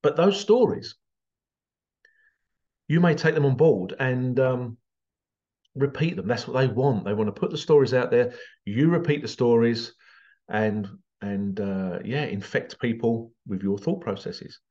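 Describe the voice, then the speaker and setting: A man delivering an animated, repetitive monologue to camera as a vlogger. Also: medium pitch, unhurried, dull audio. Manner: animated, repetitive, acts out quotes in exaggerated voices. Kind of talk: ranting monologue.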